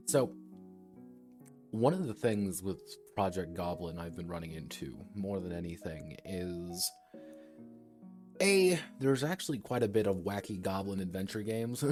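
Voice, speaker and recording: A man streaming a casual talk about tabletop game design, rambling and digressive as he thinks aloud. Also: sits low. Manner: rambling and digressive, slips into quoted voices.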